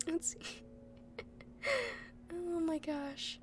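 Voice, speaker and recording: Very high-voiced giggly woman streamer. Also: level tone, very slow, darkish tone, a little hiss or hum. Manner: giggly, laughs often. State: hiccuping. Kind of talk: casual chat.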